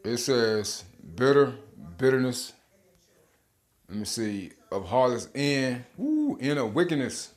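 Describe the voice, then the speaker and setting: Male bible teacher, informal video sermon, emphatic and slangy, average pitch. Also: big pitch swings, takes it slowly. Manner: emphatic, slangy, chuckling, repeats words.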